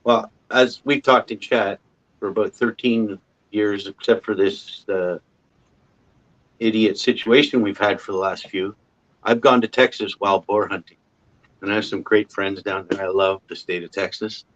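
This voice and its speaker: A man's voice: on the low side, steady tone, moderate pace, a bit bright, highs cut off. A man with a Canadian accent chatting casually as host of a livestream, a rambling storyteller who chuckles often.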